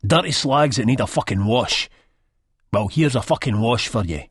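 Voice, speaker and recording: A man voicing a crude, sneering, menacing man, loud and jeering. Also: very high-pitched, lively intonation, a little slow, gravelly, slightly rough, no echo, studio quality, pitched above the performer's own voice, full character voice. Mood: snarling.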